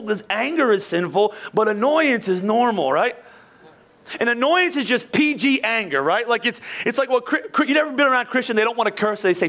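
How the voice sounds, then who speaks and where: Guy preaching, high bright voice, chatty and animated, does little voices. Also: fairly quick. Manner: animated and conversational, acting out quoted voices. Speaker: pastor. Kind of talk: sermon.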